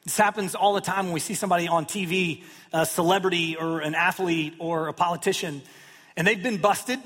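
A man's voice: high voice, steady tone, a little fast, a bit bright. A pastor in his thirties preaching a sermon in a conversational way, with self-deprecating humor and quotes he acts out. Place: church sanctuary. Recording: long hall reverb.

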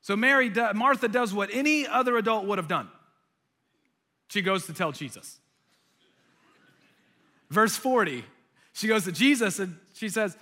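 A young American man preaching a sermon, telling stories with animated delivery and acting out voices. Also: high voice, a little slow, long pauses. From United States. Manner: animated storytelling, acts out voices. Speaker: pastor.

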